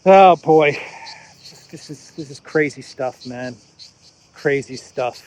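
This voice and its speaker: A man's voice: fairly high pitch, slow, darkish tone. A man hosting casual political commentary, sarcastic, laughing at his own jokes and often repeating and restarting phrases. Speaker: host.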